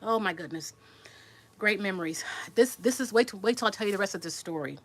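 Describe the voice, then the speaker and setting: A woman in her sixties vlogs while resting after surgery, telling her viewers a personal story in a chatty, rambling way, restarting words and answering comments. Her medium-pitched voice is animated and fairly quick.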